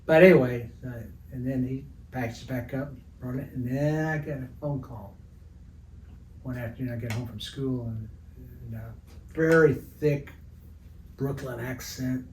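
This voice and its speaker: A man's voice: medium pitch, steady tone, unhurried, darkish tone. An older retired art teacher telling anecdotes in an interview, with a rambling, storytelling manner, in his studio. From Evansville, Indiana area. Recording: roomy, distant mic with faint noise.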